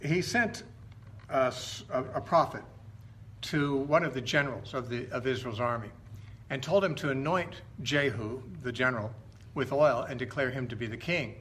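A middle-aged man tells Bible stories as an informal teacher. His voice is bright and forward, and he talks in a conversational, halting way, often pausing to correct himself. A faint hiss of noise sits behind him. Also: medium pitch.

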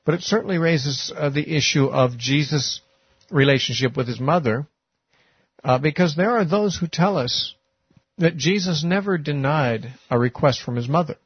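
A man's voice: on the high side, lively intonation, moderate pace, slightly rough, no echo. A man giving a sermon-style Bible teaching, talking conversationally with frequent "uh" and "you know". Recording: muffled, lo-fi recording.

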